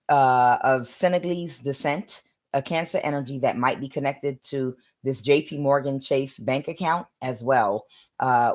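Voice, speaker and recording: A woman with a strained, lowered voice from a sore throat, giving a rambling spoken tarot reading full of "uh" fillers and calling her listeners "baby". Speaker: tarot reader.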